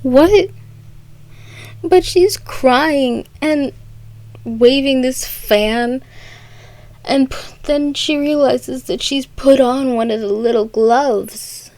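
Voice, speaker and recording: A woman's voice: high voice, slow pace, darkish tone, no room sound. A young woman recapping a story for comedy, with sarcastic, rambling asides. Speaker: video creator.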